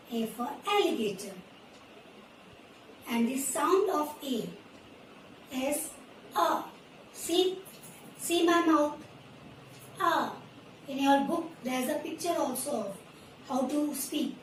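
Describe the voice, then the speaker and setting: A woman with an Indian English accent teaching nursery children, repeating letters and words slowly and clearly so they can copy her. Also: high-pitched, recorded from a distance. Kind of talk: slow, patient classroom teaching to small children. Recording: roomy echo, voice from away from the mic, faint background noise.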